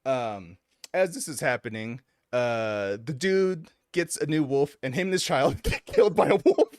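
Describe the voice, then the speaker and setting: A man in casual podcast chat, telling a video game story with lively swings in his voice. He slips into the characters' lines and laughs often. The sound is dry and close. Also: mid-range voice, measured pace, no echo. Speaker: podcast co-host.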